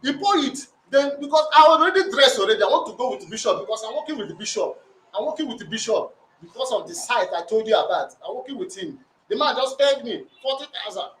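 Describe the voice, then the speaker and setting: A man with a Nigerian accent recounting a domestic dispute as a complainant, in a rambling, repetitive, animated way. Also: extremely high pitch, quick pace, a little hiss or hum. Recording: roomy sound from a distant mic.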